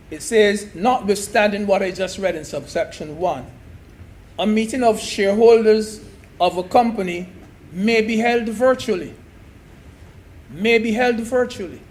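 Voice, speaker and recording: A man's voice: high voice, a little mellow. A man giving an emphatic speech in a senate debate, repeating key phrases and addressing the chair as sir.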